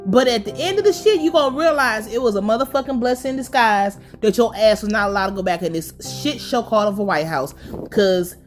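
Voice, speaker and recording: A woman's voice: fairly high pitch, a little fast, soft background music. A woman giving a casual, blunt and profane recap of a TV episode. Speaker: TV recap vlogger.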